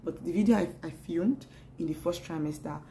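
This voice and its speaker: A young adult woman chatting casually to camera in a vlog, animated and laughing often, repeating words as she talks. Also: fairly low pitch, a little fast, creaky, slight background noise, poor audio. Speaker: pregnancy vlogger.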